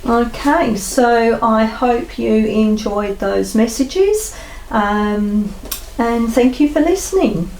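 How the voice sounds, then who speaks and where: A woman reads oracle cards in a slow, gentle spiritual tone, often pausing with soft fillers. Her voice sits in the middle of a woman's range. It is recorded from a distance in a roomy space. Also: fairly high pitch, slight background noise. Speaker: tarot card reader. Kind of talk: spiritual oracle card reading.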